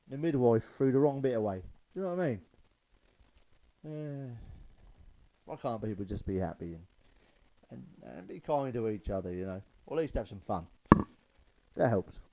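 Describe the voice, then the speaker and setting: A man's voice: mid-range voice, lively intonation, moderate pace, mellow, low-quality recording. A man telling stand-up jokes, loose and chatty, chuckling at his own punchlines. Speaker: stand-up comedian.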